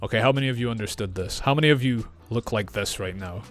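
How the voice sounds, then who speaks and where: A man with a northeast Scottish accent, an English teacher reacting to accent clips, speaking clearly and patiently. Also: on the low side, fast, soft background music. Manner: clear, patient, repeats phrases. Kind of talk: reaction video, explaining accents.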